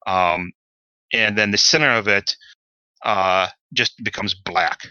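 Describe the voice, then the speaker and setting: A man narrating as game master in a tabletop game, halting with many fillers. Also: on the low side, sharp tone, clean tone, dry recording, dull audio.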